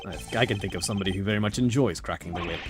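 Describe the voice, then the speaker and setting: A man voicing a cool, formal male prosecutor with a measured, reserved delivery. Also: fairly low pitch, over music, natural voice. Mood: dry. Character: cool, dry male prosecutor, young adult. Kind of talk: game dialogue read aloud.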